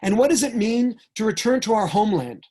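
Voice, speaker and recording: An older man from New York with a New York accent, giving a joking, animated talk with sudden jumps in loudness. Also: sits high, fairly quick. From United States. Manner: animated storyteller, jokey, swings between loud and soft. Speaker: speaker. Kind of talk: lecture talk.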